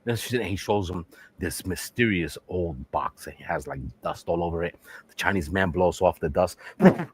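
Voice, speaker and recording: A man's voice: low voice, normal speed, breathy edge. A man telling a long, profane joke in casual live-stream chat, laughing as he goes. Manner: animated, profane storytelling with laughter.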